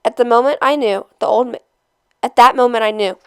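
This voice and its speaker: A woman reading a novel aloud chapter by chapter, in a steady, measured storytelling voice. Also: on the high side, clean tone, no echo. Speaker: storybook reader.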